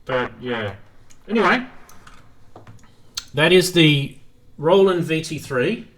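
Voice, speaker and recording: A man's voice: on the high side, expressive, slow pace, a bit bright. Man, live stream host, casual chat, laughs a lot. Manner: laughs easily, chatty with viewers.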